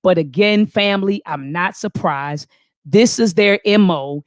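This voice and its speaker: A woman's voice: on the low side, unhurried, dry recording, clean studio sound. Impassioned woman hosting a live stream. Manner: impassioned, preacher-like, calls the audience "family"; thinks aloud, restarts and repeats phrases. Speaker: host of a live online talk show. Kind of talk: impromptu live-stream commentary, reading viewer comments aloud.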